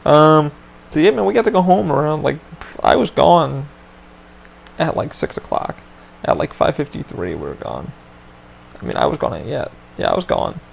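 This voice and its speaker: A man's voice: on the high side, very animated, normal speed, vocal fry, pauses often, slight background noise, rough recording. A man hosting a podcast, telling a story in a casual chat with lots of swearing and loose rambling. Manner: profane, laid-back, loose rambling. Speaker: podcast host.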